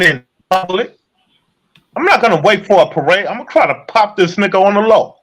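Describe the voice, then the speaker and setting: A high, husky man ranting in casual commentary. His pitch leaps all over as he fires off profane, incredulous remarks. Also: a bit bright. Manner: heated, incredulous, swears a lot.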